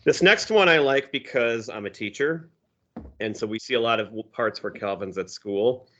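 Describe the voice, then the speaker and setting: A man's voice: medium pitch, moderate pace, fairly bright tone, muffled recording, a little hiss or hum. A man co-hosting a podcast, a teacher, casually reading comic strips aloud and chuckling as he explains them. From Minnesota. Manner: easygoing, chuckling storyteller.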